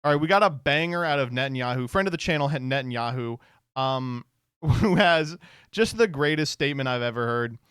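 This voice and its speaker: A man's voice: medium pitch, animated, moderate pace, fairly bright tone, clean tone, dry recording, studio quality. A man streamer giving casual reaction commentary, sardonic and profane, laughing often.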